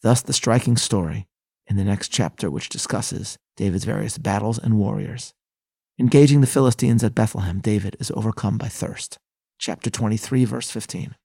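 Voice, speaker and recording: A man's voice: lowish voice, normal speed, vocal fry, dark tone, husky, dry recording, clean studio sound. A man giving a scripted Bible lesson, reading scripture aloud with earnest, solemn emphasis. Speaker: rabbi teaching a daily Bible lesson.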